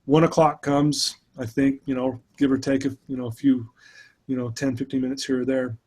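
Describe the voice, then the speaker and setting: A man's voice: mid-range voice, level tone, normal speed, darkish tone. A man recounting his own struggles in an interview, speaking earnestly and candidly as a speaker and mentor. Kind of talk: personal storytelling in an interview.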